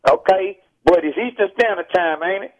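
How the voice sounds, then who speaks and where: A man's voice: sits high, normal speed. A man with a Texan Southern accent, calling in as a guest to a radio interview and talking emphatically, sounding tinny over a phone line. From Texas. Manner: emphatic, preachy, keeps repeating "man". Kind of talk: heated call-in radio interview. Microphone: telephone.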